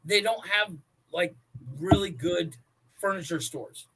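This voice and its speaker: A man's voice: sits high, takes it slowly, background noise. A man co-hosting a comedy podcast from his home, chatting casually with lots of fillers. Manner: chatty, filler-heavy, laughs easily. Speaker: podcast co-host. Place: home in Cancun.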